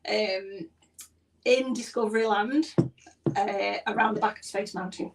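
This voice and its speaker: A woman's voice: medium pitch, a little slow, a little hiss or hum. A woman hosting a casual podcast, chatty, reading out news items with her own asides. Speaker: podcast host. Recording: distant mic.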